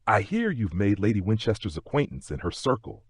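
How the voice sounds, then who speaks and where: A perceptive English lord, courteous and deliberate, as a male narrator plays him. His voice is deep and husky, and it sounds close and dry. He is a character in a storybook reading. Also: big pitch swings, no echo, full character voice. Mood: grave. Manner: measured, low and deliberate.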